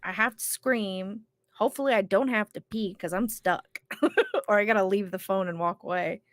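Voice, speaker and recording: A blunt woman co-hosting a gaming stream, who swears freely and tells stories with animation. Her voice sits at a medium pitch for a woman, and the sound is dry and close to the mic. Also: animated, normal speed, no room sound. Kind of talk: casual chat.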